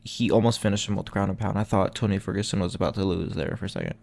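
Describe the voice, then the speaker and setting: A man's voice: deep voice, steady tone, fast talker, creaky, darkish tone. A young man hosting a channel, talking in a casual, rambling way that is full of slang and self-corrections. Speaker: MMA channel host. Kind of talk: casual chat.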